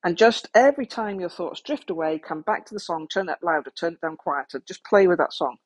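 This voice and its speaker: Woman, lowish husky voice, frank self-deprecating talk, practical coping advice. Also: lively intonation, a little fast. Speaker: speaker on coping with trauma. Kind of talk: candid talk to the listener.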